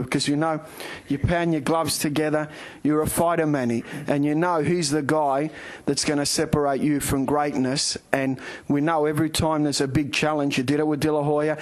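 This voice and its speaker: A man with an Australian accent hosting a boxing show, asking long, energetic leading questions. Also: on the high side. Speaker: boxing show host, interviewer. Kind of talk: TV interview. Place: indoors in the Philippines.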